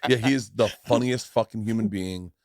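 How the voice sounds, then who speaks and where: Animated, swearing storyteller man. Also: fairly low pitch, a little fast, no room sound, studio quality. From Tampa, Florida. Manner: animated storyteller, acts out voices and swears freely. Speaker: podcast host. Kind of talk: casual podcast chat.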